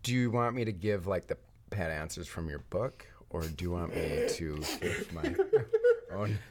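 A young man joking around on a casual podcast with his brothers, talking haltingly. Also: deep voice, huge pitch swings, a little mellow. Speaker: podcast co-host.

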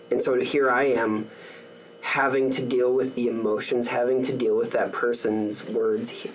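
A woman co-hosting a faith conversation, reflective and measured as she explains her points one by one. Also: rumbling low. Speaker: podcast co-host. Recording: distant mic, faint background noise.

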